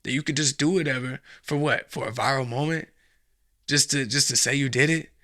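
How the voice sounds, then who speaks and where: A man's voice: mid-range voice, a little fast, a bit bright, no room sound, clean studio sound. A man hosting a reaction show, giving blunt, profane commentary on a video clip.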